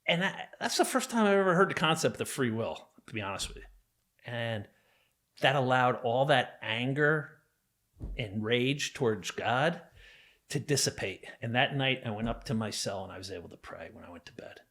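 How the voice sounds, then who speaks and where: A man's voice: medium pitch, lively intonation, moderate pace, fairly bright tone. A man from New Jersey, a podcast guest, telling his own life story in a casual, earnest way, full of fillers and acted-out quotes.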